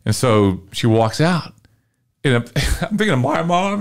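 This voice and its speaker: A middle-aged man from Texas, a marketing consultant guest telling an animated, emotional story and acting out dialogue in a podcast interview. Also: medium pitch, a little slow. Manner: lively, emotional storyteller, often acts out dialogue.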